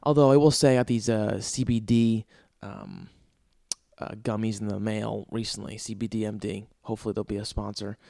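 A man's voice: fairly low pitch, fairly even intonation, normal speed, creaky, dark tone, no room sound, studio quality. A young man hosting his own podcast, telling stories in an exasperated, profane, ranting way with sighs and laughs between bits. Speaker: podcast host. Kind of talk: casual comedic monologue.

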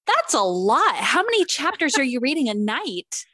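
A woman's voice: high voice, sing-song, moderate pace, bright, forceful tone, no room sound. A woman co-hosting a casual podcast, talking chattily with lots of ums and likes. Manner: chatty, uses fillers like um and like. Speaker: podcast co-host. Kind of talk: casual chat.

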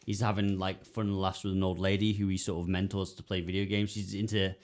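A man's voice: sits low, flat delivery, fast, a little mellow. A man co-hosting a casual chat, rambling with many fillers and putting on voices to act out scenes. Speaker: podcast co-host.

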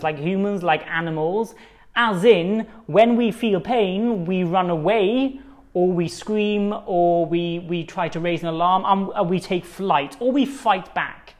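A man hosting a solo podcast, talking casually into his own microphone in a rambling, conversational way with lots of fillers. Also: sits high. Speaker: podcast host.

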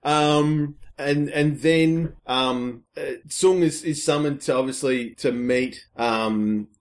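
Guy rambling thru a movie plot, super excited, tons of likes and ums, middle pitch. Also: slow pace. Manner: rambling, full of fillers and restarts; excitable storytelling. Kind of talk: casual film recap chat.

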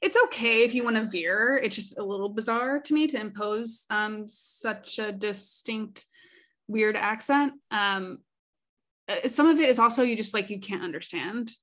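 A woman's voice: mid-range voice, normal speed, fairly bright tone. A woman co-hosting a casual podcast discussion, thoughtful and often reading review quotes aloud. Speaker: podcast co-host.

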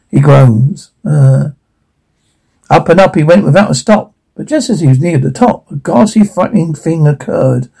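A man reads a rhyming children's tale aloud with playful energy. His voice is gravelly and dark, slightly husky, with the odd stumble. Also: fairly high pitch, expressive, normal speed, poor audio. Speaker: storyteller.

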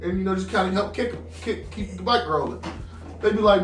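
A man chatting on a podcast, his voice rising and falling as he acts out old family scenes. He sounds set back from the mic in an echoey room. Soft music runs underneath. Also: high-pitched, normal speed. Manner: animated, acts out quoted parents and friends. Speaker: podcast co-host. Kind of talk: casual storytelling chat. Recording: roomy sound from a distant mic with faint music.

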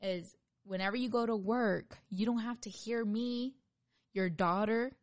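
A woman co-hosting a casual podcast with her husband, animated and argumentative, mimicking him as she retells their exchanges. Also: mid-range voice, a little slow, no room sound. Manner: animated, argumentative, quotes others in mimicking voices. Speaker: podcast co-host. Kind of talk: casual couple banter.

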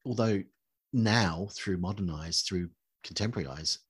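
Husky low-voiced British man in his forties. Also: moderate pace. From Britain. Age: 40s. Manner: hesitant, with fillers and false starts. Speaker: interviewer. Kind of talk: casual interview chat.

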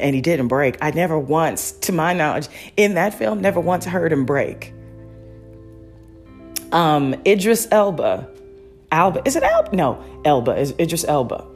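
A woman's voice: sits low, big pitch swings, measured pace, long pauses, darkish tone, soft background music. A woman hosting a podcast, talking casually in a rambling, chatty way with many fillers and restarts. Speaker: podcast host. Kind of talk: casual solo review chat.

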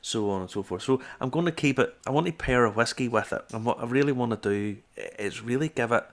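A man in the host's seat who talks eagerly and thinks out loud, with plenty of small restarts. His pitch and tone sit in an ordinary middle range. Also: fast. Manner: enthusiastic, talks through his reasoning aloud. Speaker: whiskey show host. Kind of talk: casual chat about whiskey pairing.

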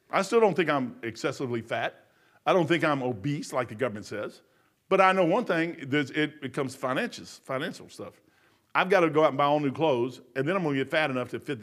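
A man, preaching a sermon in a folksy, storytelling way. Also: fairly high pitch. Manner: folksy, storytelling, gets loud and animated telling jokes.

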